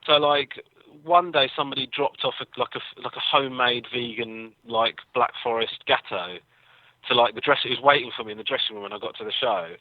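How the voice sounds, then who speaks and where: English guy rambling thru funny stories, quick talker, sounds like hes on a tinny phone line. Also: medium pitch, no echo. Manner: rambling, self-deprecating storyteller with many fillers. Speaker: comedian guest. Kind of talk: casual interview anecdotes.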